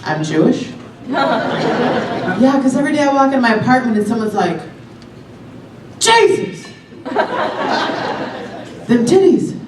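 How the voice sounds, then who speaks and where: Woman, stand-up comic, from Long Island, raunchy, animated, lively pitch, echoey club from a distance, loud audience. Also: normal speed, pauses often, a loud crowd, very noisy. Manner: brash, raunchy, animated storytelling with big pitch jumps. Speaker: stand-up comedian. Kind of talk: stand-up set. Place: comedy club stage. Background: audience laughter.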